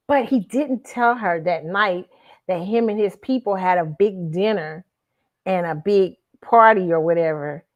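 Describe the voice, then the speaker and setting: A woman's voice: lowish voice, unhurried, pauses often, dull audio. A woman hosting her own talk show, giving blunt dating opinions and telling a story, with frequent swearing and restarts. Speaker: show host.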